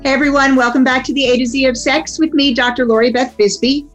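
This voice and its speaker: A woman's voice: sits high, fairly even intonation, quick pace, soft background music. A woman hosting a radio talk show, asking questions in a thoughtful way with many fillers and restarts. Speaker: radio show host, sex therapist. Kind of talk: casual interview chat.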